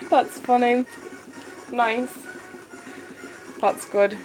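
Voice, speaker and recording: A woman from Ireland with a Dublin accent, chatting casually on a live stream and answering viewer comments with excited warmth. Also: on the high side, unhurried, music in the background, low-quality recording. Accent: Dublin Irish. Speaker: fish-keeping live streamer.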